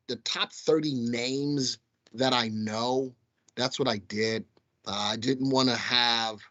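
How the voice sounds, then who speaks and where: Broadcasting from a studio, a Southern-accented man hosts a live stock market stream, chatting casually with viewers he calls "folks." His medium-pitched voice is bright and forceful, though the sound quality is lo-fi.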